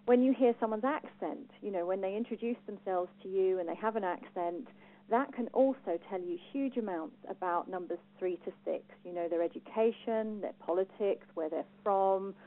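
A woman with a Home Counties English accent giving a lively talk on personal branding to a live audience, asking them questions. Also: mid-range voice. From England. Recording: phone-like thin sound.

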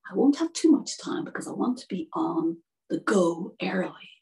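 A woman's voice: animated, normal speed, creaky. A woman putting on a chirpy little swallow. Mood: content. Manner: high, bright bursts of surprise. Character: chirpy little male swallow, restless and chatty. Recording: distant from the mic.

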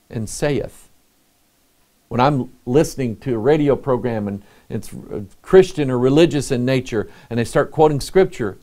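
A man's voice: medium pitch, darkish tone. A man, a pastor preaching a sermon in a folksy, conversational way, reading King James scripture aloud and asking his listeners rhetorical questions.

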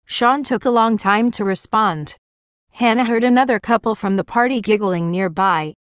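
A woman reading a novel aloud as an audiobook narrator, in a steady, even manner. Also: mid-range voice, normal speed, clear, resonant tone, no room sound, clean studio sound.

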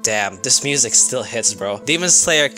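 A young man giving casual, excitable reaction commentary, swearing freely and breaking into sudden outbursts. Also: mid-range voice, unhurried, faint music behind. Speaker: anime reaction youtuber.

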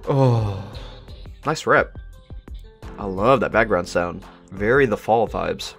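A young man casually rambling and reacting to songs as a host, excitable and self-mocking. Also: lowish voice, slow pace, creaky, husky. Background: faint song music playing.

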